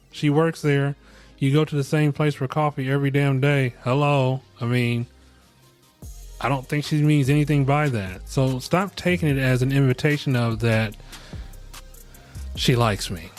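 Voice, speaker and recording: A man's voice: medium pitch, steady tone, normal speed, a little mellow, faint music behind. Frank rambling man giving advice. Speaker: podcast host giving advice. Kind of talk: casual advice monologue.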